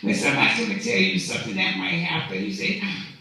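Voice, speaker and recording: A man's voice: fairly high pitch, very animated, fast, bright, forceful tone, heavy reverb, distant mic, low-quality recording. A man preaching a sermon in a conversational way, often repeating and restarting his words, recorded in a church. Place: church sanctuary.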